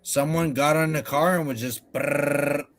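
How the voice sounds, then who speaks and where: A man's voice: on the high side, fairly even intonation, unhurried, gravelly. A man co-hosting a casual livestream chat, laid-back and using slangy fillers like "dude" and "like".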